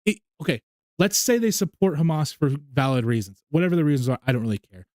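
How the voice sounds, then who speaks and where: A man co-hosting a podcast in casual chat, halting and repeating himself as he argues his point. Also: fairly high pitch, sing-song, a little mellow, dry recording, studio quality. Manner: halting, repeats words, argumentative. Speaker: podcast co-host.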